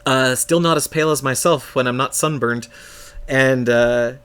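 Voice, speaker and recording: A man's voice: mid-range voice, normal speed, a bit bright, smooth. Chatty, self-mocking man from California. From California, United States. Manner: rambling, self-mocking, laughs often mid-story. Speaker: game streamer. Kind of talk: casual storytelling chat on a live stream.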